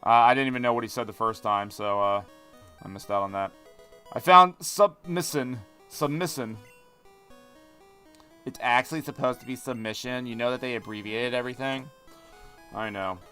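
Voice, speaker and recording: Rambling male game streamer, bright voice. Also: mid-range voice, fairly quick, clean tone, faint music behind. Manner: rambling, animated, talks to chat. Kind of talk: live gameplay commentary.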